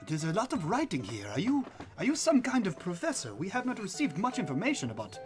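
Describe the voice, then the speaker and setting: A man voicing a smooth-talking male rogue who speaks softly and ingratiatingly to his target. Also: high-pitched, huge pitch swings, fast talker, faint music behind, pitched above the performer's own voice. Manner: soft, ingratiating, calls others "my friend".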